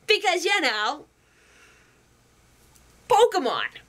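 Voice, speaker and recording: A young woman chatting casually as a reviewer, giggly and animated. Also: extremely high pitch, slow. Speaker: music reviewer.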